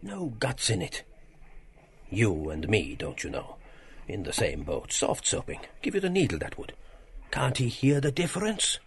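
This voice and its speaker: A man's voice: on the low side, huge pitch swings, unhurried, gravelly, exaggerated voice. An actor playing a polite, reflective middle-aged man who muses aloud with hesitations.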